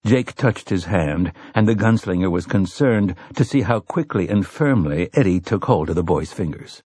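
A man reading a novel aloud as an audiobook narrator, expressive and shifting between character voices. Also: low voice, normal speed, slightly rough, no room sound, clean studio sound. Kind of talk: scripted narration.

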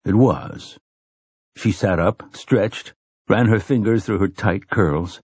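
A man reading a novel aloud as an audiobook narrator, expressive and shifting between character voices. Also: fairly low pitch, slow pace, husky, dry recording, clean studio sound. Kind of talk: scripted narration.

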